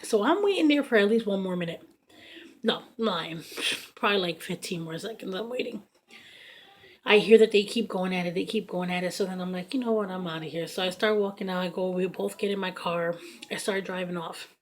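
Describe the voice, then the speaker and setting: A woman's voice: lowish voice, fairly quick. A woman in her thirties telling a personal story in casual storytime fashion, blunt and profane, with lots of fillers. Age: 30s. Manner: blunt, profane, animated retelling full of fillers.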